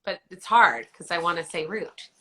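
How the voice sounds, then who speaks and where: Woman, Canadian accent, host, upbeat, bright tone, phone live stream. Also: medium pitch, lively intonation, slight background noise. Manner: upbeat, quick-fire questions, friendly laughter. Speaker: host asking quick questions. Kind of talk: casual chat interview.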